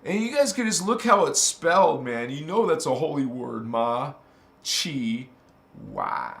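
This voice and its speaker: A man hosting a casual spiritual livestream from his bedroom. He laughs a lot and talks in animated street slang. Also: fairly high pitch, measured pace, echoey room. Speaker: livestream host. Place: bedroom, on a squeaky bed.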